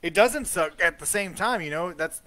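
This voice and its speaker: A man's voice: sits high, animated, normal speed, pushed and bright. A man hosting a casual live commentary over ghost-hunt footage, chatty and trailing off with fillers. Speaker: host.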